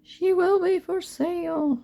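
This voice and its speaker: In a relaxed crafting vlog, a middle-aged reborn doll artist paints a doll while chatting with viewers, often dropping into a half-whisper. Her very high voice is gravelly yet warm, slow and steady in tone.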